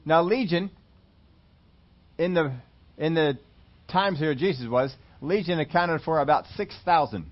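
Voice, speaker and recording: A man preaching a Bible teaching sermon, emphatic and repeating key phrases for effect. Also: on the high side. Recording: dull lo-fi audio.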